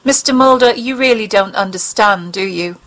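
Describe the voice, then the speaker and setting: A woman voices a cold alien captor in an audiobook. It speaks in calm, measured, commanding tones, condescending and unhurried, at an ordinary mid pitch. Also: lightly acted, rough recording.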